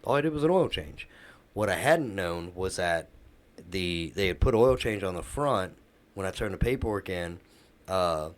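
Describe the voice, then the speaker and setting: A man's voice: low voice, lively intonation, moderate pace. A middle-aged man, a podcast co-host, telling a workplace story in casual chat and acting out the quoted dialogue.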